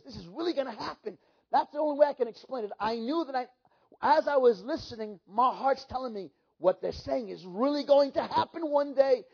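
A middle-aged man gives a sermon testimony with a high voice. He tells his story fervently and dramatically, often restarting his sentences. The recording sounds dull and lo-fi. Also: vocal fry, slightly rough. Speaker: preacher.

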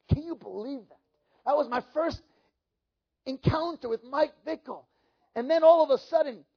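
A man telling stories in a sermon as a pastor, animated and acting out the dialogue himself. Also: very high-pitched, vocal fry. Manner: animated, acts out quoted dialogue. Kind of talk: storytelling sermon. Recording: dull lo-fi recording.

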